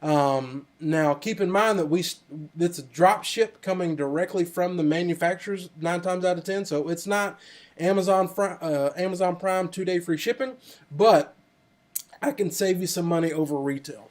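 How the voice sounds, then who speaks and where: A man with an American Southern country accent, casually chatting on a livestream and reading out comments, rambling with lots of ums and restarts. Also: high voice. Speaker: livestream host. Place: office.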